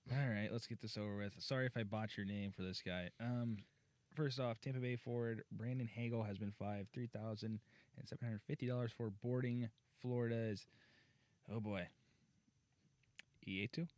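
A man's voice: on the low side, steady tone, moderate pace, darkish tone, no room sound. A man co-hosting a casual sports podcast, laid-back, laughing and swearing as he reads out news. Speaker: podcast co-host. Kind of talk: casual hockey news chat.

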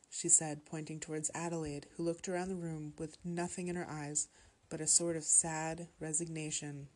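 A woman reads a horror story aloud in a steady, measured way. Her voice sits low and carries a husky grain. She keeps the telling calm and even. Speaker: story narrator.

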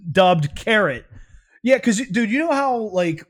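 A man co-hosting a casual comedy podcast, excitable, laughing often and swearing freely. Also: high-pitched, a little slow. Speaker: podcast co-host.

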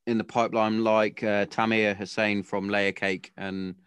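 A man's voice: on the low side, level tone, measured pace, a bit bright, clear, resonant tone, no echo. A man in his thirties hosting a podcast, telling blunt, sweary, jokey stories in casual chat. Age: 30s. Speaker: podcast host. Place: home garden shed.

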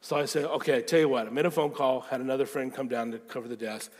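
A man preaching a sermon through lively personal stories, acting out the voices in them. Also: mid-range voice, fast talker, in a large hall. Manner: animated storyteller, acting out quotes. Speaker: pastor. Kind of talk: storytelling sermon.

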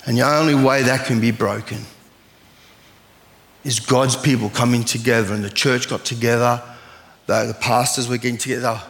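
A man's voice: medium pitch, fairly even intonation, normal speed, pauses often, fairly bright tone. A man, a pastor preaching an earnest sermon and reading scripture aloud. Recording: long hall reverb.

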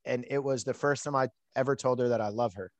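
Talking fast in a mid-range voice, a man hosting a podcast shares a personal story. He's outgoing and chatty, using plenty of fillers in this casual storytelling chat.

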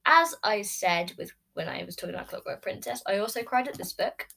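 A woman's voice: medium pitch, lively intonation, brisk, gravelly, bright, forceful tone, low-quality recording. Woman, book vlogger, casual chat, gushing, rambling, lots of fillers, recorded on her bed. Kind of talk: casual book ranking vlog. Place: bedroom, sitting on her bed. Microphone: camera recording.

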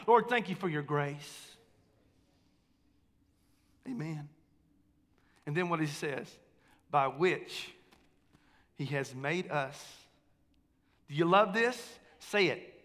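High, bright-voiced preaching pastor. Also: male voice. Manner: conversational, calls for amens, swings between quiet and emphatic. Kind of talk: sermon. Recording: long hall reverb.

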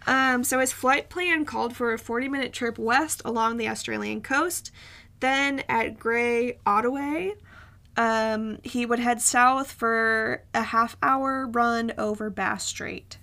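Podcast co-host, woman, fairly high pitch with vocal fry, loose rambling storyteller. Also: slow, pushed and bright. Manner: rambling with frequent ums and restarts. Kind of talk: casual storytelling chat.

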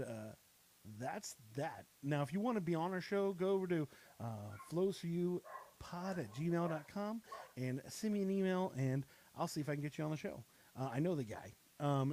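A podcast host with a fairly high-pitched, darkish-toned male voice opens with a rambling, loose freestyle rap. After that he settles into casual conversation, kidding around with his guests.

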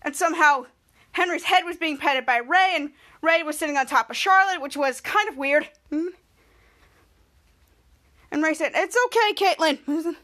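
High bright-voiced woman podcast host. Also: normal speed, pauses often. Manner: rambling, repeats herself, acts out quotes loudly. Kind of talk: casual episode recap.

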